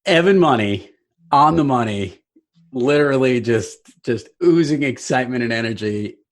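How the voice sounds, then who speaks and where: A man's voice: mid-range voice, expressive, normal speed. A man hosting a podcast who talks in an easygoing, reflective way as he interviews a guest. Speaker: podcast host. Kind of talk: relaxed interview conversation.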